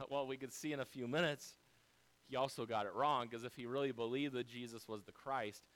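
A man's voice: medium pitch, steady tone, fairly quick, fairly bright tone, poor audio. A man preaching a sermon as pastor. He speaks emphatically and asks the listeners rhetorical questions.

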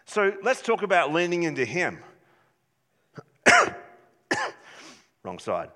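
A man preaching a sermon as pastor, passionate and building up to shouts at times. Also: on the high side, wildly swooping pitch, takes it slowly, in a large hall.

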